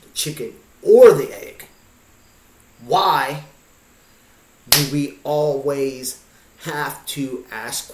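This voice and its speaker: A man's voice: medium pitch, a bit bright. A man vlogging a pondering monologue of rhetorical questions. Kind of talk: musing monologue. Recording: echoey room.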